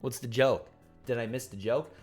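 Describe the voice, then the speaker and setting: A man hosting a casual reaction show, reading aloud and commenting in an excitable, profane way, with faint music behind him. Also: medium pitch, normal speed. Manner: excitable and profane, laughs along. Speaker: manga reaction host.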